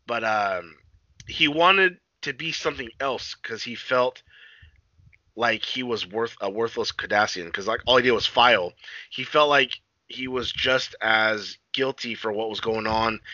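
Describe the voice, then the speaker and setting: A man in casual chat, excitedly retelling a TV episode, swearing freely. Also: lowish voice, moderate pace, dry recording, muffled recording. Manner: excitable, profane, retells scenes with acted-out quotes.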